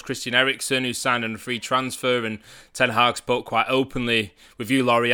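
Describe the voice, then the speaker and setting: Bright, crisp male podcast presenter. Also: medium pitch. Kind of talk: podcast hosting.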